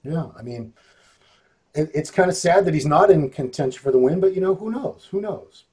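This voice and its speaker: A man's voice: a little high, expressive, moderate pace, a little mellow, slightly rough. A man hosting a casual talk show, speaking frankly and in a laid-back way. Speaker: host. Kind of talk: casual chat.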